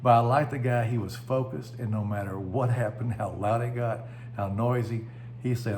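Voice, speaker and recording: A man's voice: medium pitch, fairly even intonation, normal speed, a little mellow, slight background noise. A man pastor giving a short devotional message, telling stories in a folksy way that livens up at dramatic moments.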